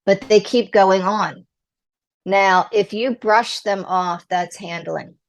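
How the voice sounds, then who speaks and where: A middle-aged woman speaks as a podcast guest, offering parenting advice with emphatic, animated delivery. She acts out the lines she quotes. Her voice sits at a medium pitch. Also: slow pace. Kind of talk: casual advice interview.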